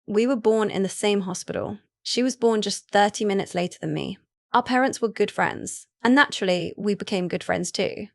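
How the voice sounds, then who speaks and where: A woman's voice: medium pitch, normal speed, gravelly, no echo. A woman narrating a first-person story in a casual, chatty way with asides to the listener.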